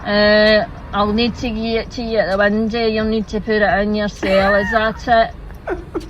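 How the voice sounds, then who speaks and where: A curt, bored Scottish drive-through worker, as a woman puts them on, answering in flat, clipped phrases. The Scottish accent is plain and unfussy. It is recorded in a slightly muffled car with light background hum. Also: mid-range voice, a little slow, natural voice. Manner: flat, terse, impatient.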